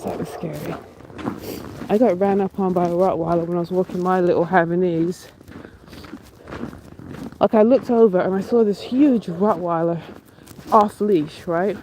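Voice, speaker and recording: A vlogger streaming from a cold outdoor walk, telling a story in an animated way with startled outbursts, recorded on a handheld phone. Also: medium pitch. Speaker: livestreaming vlogger. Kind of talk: casual walk-and-talk livestream. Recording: noisy outdoor phone audio.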